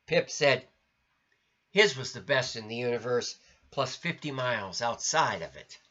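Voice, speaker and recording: A man reading a children's storybook aloud in an expressive, sing-song way. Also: mid-range voice, unhurried. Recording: lo-fi recording.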